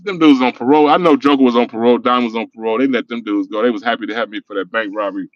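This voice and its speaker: A man's voice: medium pitch, fairly even intonation, rapid-fire, no room sound, highs cut off. Profane middle-aged man telling stories. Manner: loose, profane, laughing storytelling. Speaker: livestream host. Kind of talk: casual storytelling livestream. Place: in a car while driving.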